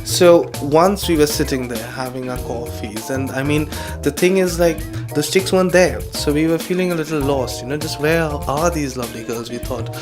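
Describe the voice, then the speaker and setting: A young man from India telling a comic anecdote in a wry, deadpan way. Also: a little high, moderate pace. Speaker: storyteller. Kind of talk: comic storytelling. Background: music.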